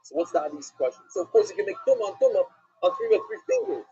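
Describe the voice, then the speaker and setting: A man, a rabbi, giving an animated Talmud class lecture, asking and answering questions with emphasis. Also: high voice, very fast, a little hiss or hum. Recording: dull lo-fi recording with faint music.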